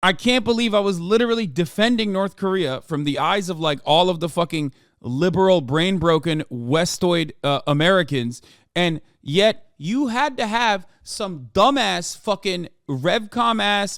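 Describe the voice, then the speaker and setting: A man's voice: high voice, expressive, a little slow, no room sound, clean studio sound. Profane ranting man streaming to chat. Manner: profane, ranting, swings from mumbling to yelling. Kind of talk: livestream commentary, reading chat.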